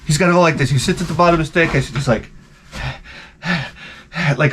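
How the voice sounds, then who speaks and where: A man hosting his channel, telling comedic stories in an animated, profane, exaggerated way. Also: a little high, a little fast, a little hiss or hum. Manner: animated, profane, exaggerated, jumps into quoted voices. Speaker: channel host. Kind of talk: casual comedic storytelling rant.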